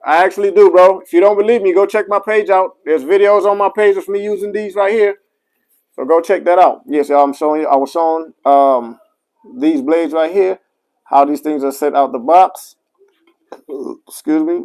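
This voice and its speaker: A man's voice: on the high side, a little mellow, rough recording. A man, a barber, chatting casually on a live stream and talking straight to his viewers, with many apologetic asides and fillers. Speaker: barber reviewing clippers.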